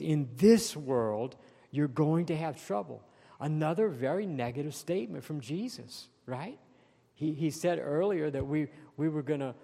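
A man preaching a sermon in a church, stressing key phrases slowly and building to emphatic peaks. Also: a little high, creaky, dark tone. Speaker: pastor. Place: church sanctuary. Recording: long reverb in a large hall.

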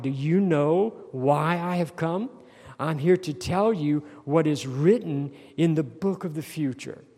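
A man preaching a sermon in an earnest tone, slowing down to read scripture and dropping soft when he prays. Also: mid-range voice, big-room sound. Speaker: pastor.

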